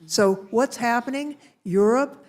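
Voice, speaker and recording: A woman's voice: on the high side, slow pace. A woman lawmaker speaking urgently and emphatically at a committee hearing. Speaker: congresswoman testifying.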